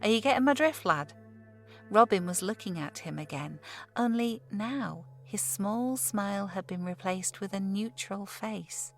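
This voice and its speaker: A woman narrating a horror audiobook in a measured, steady storytelling voice. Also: mid-range voice. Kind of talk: scripted narration.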